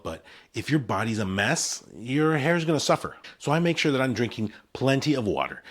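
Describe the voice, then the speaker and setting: A man in his forties talking to camera in an upbeat, punchy promotional style, selling his own hair routine in short emphatic phrases. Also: lowish voice. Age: 40s. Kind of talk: scripted promotional talk to camera.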